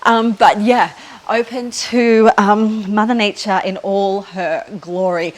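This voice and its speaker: An Australian woman in her thirties, a podcast host, chats casually about spiritual matters into a handheld phone camera outdoors by the water. Her medium-pitched voice is fairly even and slow, and she rambles with many ums and likes and laughs often.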